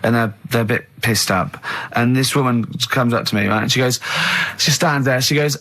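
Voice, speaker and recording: An English man hosting a radio show, telling lively anecdotes and teasing his co-hosts in casual studio banter. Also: medium pitch, moderate pace. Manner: animated storyteller, mimics people in his stories, laughs often. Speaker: radio host.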